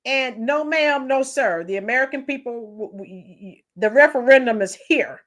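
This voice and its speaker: A woman's voice: a little high, normal speed, fairly bright tone. A woman hosting a live commentary stream, giving opinions and greeting chat viewers by name. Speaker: livestream commentary host.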